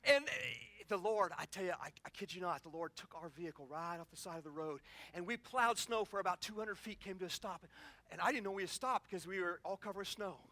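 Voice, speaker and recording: High, bright-voiced man preaching. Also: fast, no room sound. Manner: animated storytelling with acted-out cries. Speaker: conference speaker. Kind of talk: impassioned sermon. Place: conference hall.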